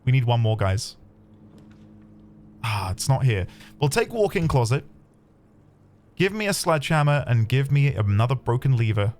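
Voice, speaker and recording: A man commentating his own game playthrough, chatty and excitable, talking to his viewers. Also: medium pitch, moderate pace, long pauses. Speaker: game streamer. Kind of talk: let's play commentary. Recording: faint background music.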